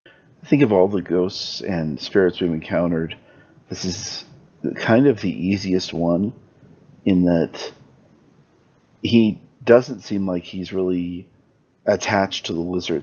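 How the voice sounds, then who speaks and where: A man taking part in a casual book discussion, explaining his view in a thoughtful, measured way. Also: sits low, darkish tone, breathy edge, highs cut off. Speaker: participant in a group discussion.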